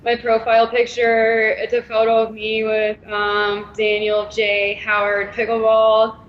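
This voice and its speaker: A woman guest, a pickleball player and coach, chatting casually and laughing often; she calls her own voice monotone. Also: a little high, unhurried, highs cut off. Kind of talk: casual interview chat.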